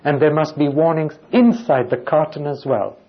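A man's voice: on the high side, moderate pace. A man preaching a sermon, reading scripture aloud and asking rhetorical questions. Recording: dull lo-fi recording.

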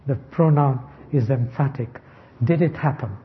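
A man preaching an expository sermon, speaking slowly and deliberately and stressing key words. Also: medium pitch. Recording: dull lo-fi recording.

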